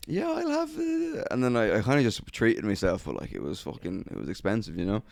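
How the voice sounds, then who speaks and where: Man, young comedian, gravelly voice, dry close sound, sweary storytelling. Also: fairly low pitch, wildly swooping pitch, a little fast, darkish tone, no echo. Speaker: stand-up comedian. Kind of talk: casual podcast chat.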